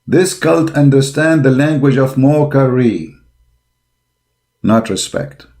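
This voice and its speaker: Speaking slowly in a medium-pitched, slightly mellow voice, a man rails through a combative religious monologue. He's a religious polemic commentator, scornful and blunt, using emphatic English with broken grammar.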